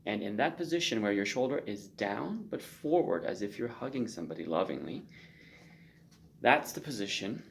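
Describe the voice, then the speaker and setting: A man giving a spoken violin lesson, loose and conversational, often checking in with a quick "okay?". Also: on the low side, expressive, creaky. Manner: loose and conversational, frequent ums and check-in okays. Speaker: violin teacher. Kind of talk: spoken instruction with demonstration.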